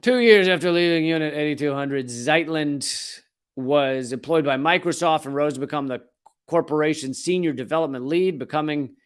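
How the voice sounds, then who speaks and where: A man's voice: on the high side, normal speed, clean tone. A man hosting a comedic news monologue, profane and sarcastic, rambling with frequent restarts. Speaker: comedy show host.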